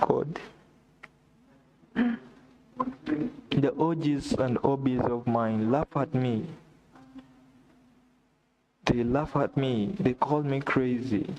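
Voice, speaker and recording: A man talks into his live vlog stream very slowly, circling back to the same despairing lines again and again. His carries through a mid-range voice. Steady background noise and clicking sit clearly behind him. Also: mid-range voice, dull audio. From Uganda. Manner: despairing, repetitive lament addressed to God. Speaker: vlogger.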